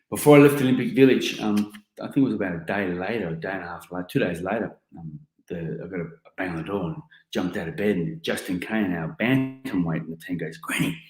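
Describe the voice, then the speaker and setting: An Australian man in his forties giving a keynote talk, telling an animated story full of casual slang. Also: low-pitched. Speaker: keynote speaker. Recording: roomy echoing hall.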